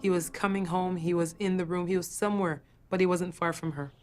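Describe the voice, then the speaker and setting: A woman's voice: fairly low pitch, little pitch movement, brisk, heavy background noise. A woman who works as a caregiver, earnestly recounting a ghost encounter and repeating herself for emphasis.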